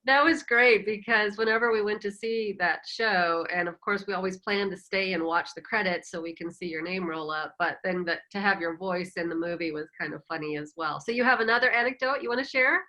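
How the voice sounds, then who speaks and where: A woman with a bright, forceful voice hosts an interview. She asks her questions chattily and often laughs. Her pitch sits in the usual range for a woman. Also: brisk, hardly any pauses, rough recording. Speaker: host. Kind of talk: casual interview.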